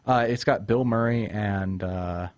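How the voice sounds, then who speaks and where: A man's voice: lowish voice, measured pace, darkish tone, dull audio. A young man hosting a casual film review chat, ranting with exasperation about a character and retelling scenes. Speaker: host.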